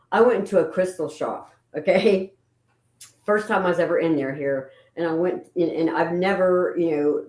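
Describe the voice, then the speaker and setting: A woman's voice: low-pitched, a little mellow, reverberant, poor audio. A woman, a paranormal investigator telling emotional, rambling stories in casual chat.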